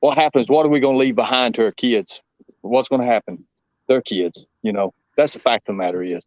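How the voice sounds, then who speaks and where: A man's voice: mid-range voice, fairly quick, no room sound, dull audio. A man with a Southern US accent, chatting as a guest on a live stream, rambling and emphatic with lots of fillers. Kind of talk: casual live-stream chat.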